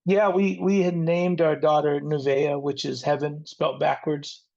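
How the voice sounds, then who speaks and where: An earnest middle-aged man tells his life story as an interview guest. His voice sits a little high with plenty of gravelly fry. The recording sounds dull and lo-fi. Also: flat delivery, unhurried, darkish tone. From San Diego area, near the Mexican border. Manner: earnest, reflective, faith-centered. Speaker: guest, rock band frontman.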